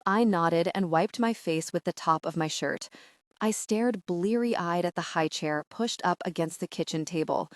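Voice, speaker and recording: Woman, romance audiobook narration, steady even delivery, lowish voice, dry close mic. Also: unhurried, no echo.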